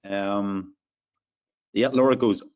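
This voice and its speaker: A man's voice: lowish voice, fairly even intonation, slow, a little mellow, clean tone, dull audio. A man with an Irish accent hosting a live sales webinar, upbeat as he reads out attendees' names. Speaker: webinar host.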